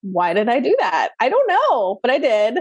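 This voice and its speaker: Woman, 30s, parenting expert guest; higher voice, animated and chatty, dry close mic. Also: normal speed, breathy edge, no echo, dull audio. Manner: animated storytelling, many fillers. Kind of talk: casual podcast conversation.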